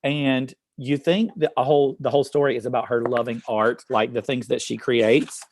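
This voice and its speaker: At a moderate pace and in a steady mid-range voice, a teacher reads a poem aloud to students online from his office. He's upbeat and encouraging with lots of fillers, and there's slight background noise.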